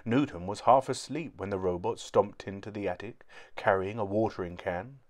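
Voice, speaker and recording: Man, low voice, reading a children's book aloud, clear, steady. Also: normal speed. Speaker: storyteller.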